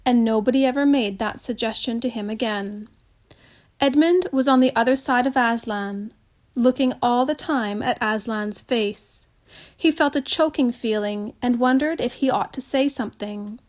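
A woman narrates a storybook aloud, steady and expressive. Her voice sits a little high. She reads with even care. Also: normal speed.

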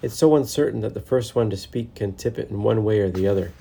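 A man narrating a storybook in a gentle, reflective, steady way. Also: fairly low pitch, quick pace, creaky, slightly rough.

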